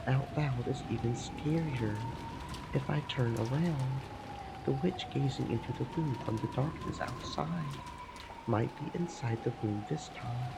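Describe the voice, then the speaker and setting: A man streaming a let's play, reading first-person visual novel narration aloud in a slow, emotive way with game music behind. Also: medium pitch, vocal fry. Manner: slow, emotive reading that swells into panicked repetition.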